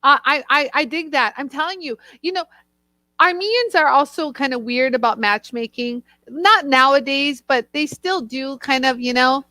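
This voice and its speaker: A woman's voice: high-pitched, moderate pace, bright, forceful tone, dry recording. A woman co-hosting a casual chat show, talking playfully and giggling as she jumps between topics. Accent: American. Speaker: co-host.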